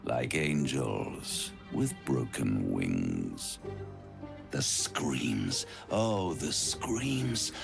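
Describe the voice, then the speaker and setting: An actor voicing an ancient scheming male devil in a video game, with a deep, theatrical, relishing drawl. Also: gravelly, heavily acted. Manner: grand, relishing, mocking delivery. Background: game music.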